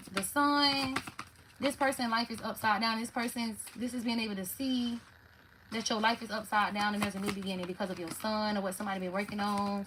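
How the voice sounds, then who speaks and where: A woman's voice: mid-range voice, slight background noise, low-quality recording. Profane, blunt woman tarot reader. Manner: blunt, profane, animated, talks to viewers directly. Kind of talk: live tarot reading, casual monologue.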